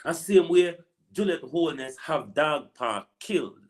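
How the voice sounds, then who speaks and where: An online political commentator with a Jamaican accent delivers a preachy, repetitive rant loaded with rhetorical asides. His fairly high voice is expressive and unhurried.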